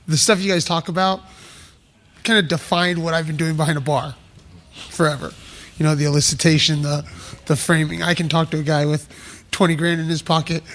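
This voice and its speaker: A man from the audience asking a live panel an earnest question, pausing often to search for his words. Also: on the high side.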